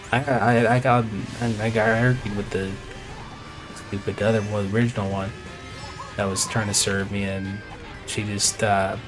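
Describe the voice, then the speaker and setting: A man live-streaming a video game, chatting casually in a rambling, exasperated way with mild swearing. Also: on the low side. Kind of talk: casual chat while playing. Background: faint video game music.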